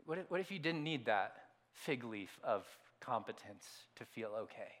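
A middle-aged male pastor preaching a sermon, telling a story with loud outbursts and hushed asides. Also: mid-range voice, animated, moderate pace.

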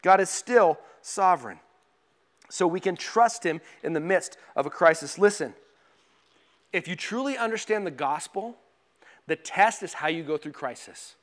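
A man with a notably high voice preaches a sermon in a relaxed, conversational way. He pokes fun at himself and acts out quick inner voices, some panicked and some calm. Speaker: pastor.

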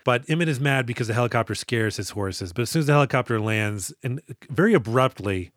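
A man co-hosting a podcast, recapping a film in casual, animated, profane chat. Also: mid-range voice, quick pace, dry recording, studio quality. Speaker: podcast co-host.

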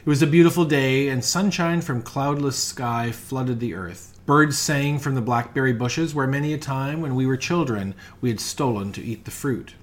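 Brief: male reader, mid-pitched, measured dramatic storytelling with hushed drops. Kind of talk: dramatic reading of a ghost story.

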